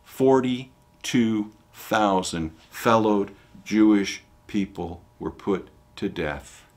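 A man's voice: on the low side, slow. Man preaching with big dynamic swings. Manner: dramatic, swings from quiet to loud when retelling scripture. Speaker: pastor. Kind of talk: sermon. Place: church.

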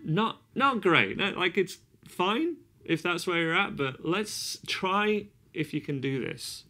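A man's voice: high-pitched, animated, slow. A man giving a casual guitar lesson, encouraging, counting beats aloud and singing snippets as he plays. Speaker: guitar teacher. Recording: loud guitar over the voice.

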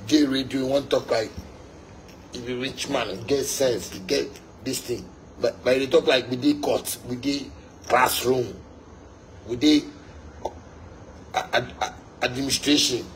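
A man's voice: mid-range voice, fairly even intonation, unhurried, pauses often, slight background noise, rough recording. A young Ghanaian man, a musician, delivering a fiery, emphatic monologue to his fans, repeating his points and slipping into pidgin.

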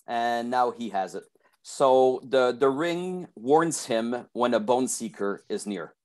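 A man's voice: mid-range voice, lively intonation, darkish tone. Hesitant man explaining his own book. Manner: hesitant, with pauses and "uh". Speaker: author as podcast guest. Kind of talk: casual chat.

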